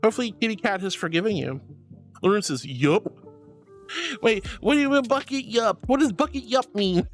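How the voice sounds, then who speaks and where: A woman streaming, chatting casually and reading viewers' messages aloud, swinging between soft low musing and high excited squeals. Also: moderate pace, soft background music.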